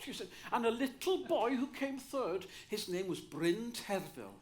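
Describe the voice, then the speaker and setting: A man's voice: sits high, sing-song, moderate pace, hardly any pauses. Wry man in his sixties telling stories. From North Wales. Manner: wry, anecdotal, conversational. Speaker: musical director and raconteur. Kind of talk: cabaret storytelling. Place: cabaret stage.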